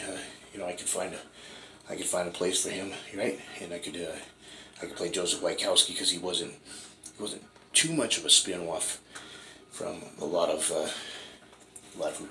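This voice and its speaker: A man's voice: low-pitched, creaky. A man in his forties from Washington State, telling his acting story in a rambling, profane way and asking "right?" again and again. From Washington State, USA. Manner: rambling, swears a lot, keeps asking "right?".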